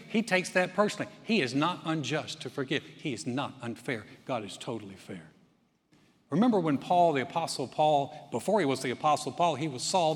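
Man, pastor, sermon, folksy joking storyteller, somewhat high voice, long church-hall reverb. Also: a bit bright. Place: church sanctuary.

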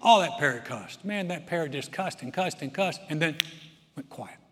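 Husky-voiced preacher. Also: male voice, a little high, animated, normal speed. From Southern United States. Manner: folksy storyteller, repeats words as he restarts. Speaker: pastor. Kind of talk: sermon with humor. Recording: long reverb of a large hall.

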